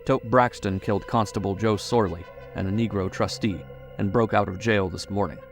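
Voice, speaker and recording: A man's voice: lowish voice, steady tone, normal speed, faint music behind, close to an everyday voice. A man playing a curt, resentful backwoodsman. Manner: curt, angry.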